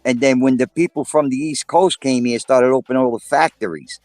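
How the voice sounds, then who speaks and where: A man's voice: medium pitch, a little fast, a little mellow, no echo, faint music behind. A man in his sixties with a New York accent, rambling along as a guest in a casual livestream chat and swearing freely. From Brooklyn, New York. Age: 60s. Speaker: panel guest.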